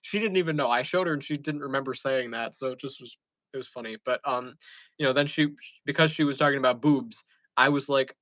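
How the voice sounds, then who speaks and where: Man in a bright, middle-pitched voice for a chatty vlog monologue; loose and meandering, dry close-mic sound. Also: fairly quick, no echo, low-quality recording. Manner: rambling, amused storytelling with frequent fillers. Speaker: channel host. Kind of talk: casual rambling monologue.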